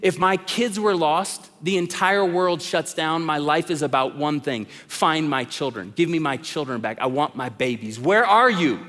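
Impassioned high-voiced preacher in a hall. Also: male voice, moderate pace, few pauses. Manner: impassioned preaching, swings between loud calls and hushed lines. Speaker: pastor. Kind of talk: sermon. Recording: long reverb of a large hall.

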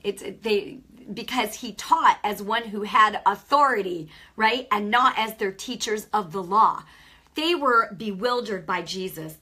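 A woman's voice: medium pitch, sharp tone, breathy edge. A woman giving an informal, fervent sermon, conversational and full of restarts and asides. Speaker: lay preacher.

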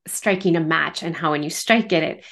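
A woman hosting a podcast interview, speaking in a gentle, affirming way. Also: deep voice, moderate pace. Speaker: podcast host. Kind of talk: casual conversational interview.

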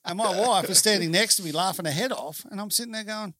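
A man's voice: sits high, fast talker, pushed and bright, no echo, clean studio sound. A man in a casual chat telling a story with humour, acting out what people said. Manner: jokey storyteller, acts out quotes.

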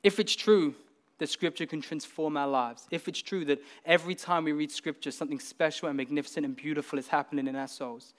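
A man's voice: on the high side, steady tone, a little fast. A man preaching a sermon, earnest and building to emphatic peaks, often repeating words as he goes.

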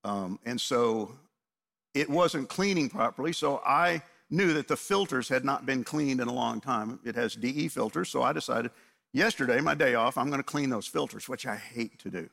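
A man's voice: medium pitch, normal speed, gravelly, fairly bright tone. A man in his fifties, a pastor preaching a sermon, earnest and asking the congregation rhetorical questions.

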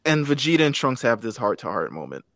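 A man's voice: medium pitch, fast talker, creaky, no echo. Man recapping an episode, dry sound. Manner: animated storytelling with laughs. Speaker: podcast host. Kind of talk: casual chat.

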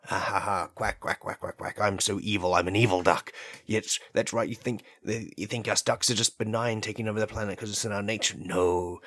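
A man voicing an evil mastermind duck in a comedy podcast skit, gloating and cackling with mock-villain bluster in a lowered voice. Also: fairly even intonation, brisk, fairly bright tone, no echo, studio quality. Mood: menacing gloat.

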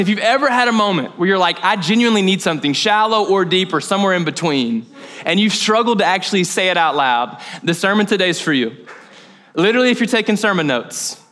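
A man with a high, bright voice gives a lively sermon, jumping into the voices of people in his stories. His voice carries a long reverb from the church hall around him. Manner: animated storytelling, acting out scenes. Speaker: pastor.

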